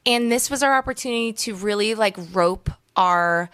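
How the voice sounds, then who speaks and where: A woman's voice: medium pitch, moderate pace, no room sound. Podcast co-host, woman, gushing and chatty, recorded in a dry room. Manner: gushing, animated, swears casually. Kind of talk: casual chat.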